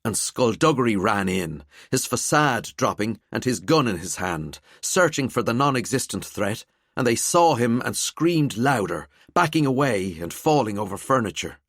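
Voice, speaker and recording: A man narrating a mystery thriller audiobook in a quiet, measured way. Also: medium pitch, sing-song, dry recording, studio quality. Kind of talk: scripted narration.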